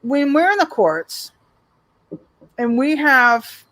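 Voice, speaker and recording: A woman's voice: sits high, sing-song, takes it slowly, a bit bright, low-quality recording. A woman co-hosting a podcast chat who affirms her guest and asks questions. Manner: affirming, interjects with short responses. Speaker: podcast co-host. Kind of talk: casual chat.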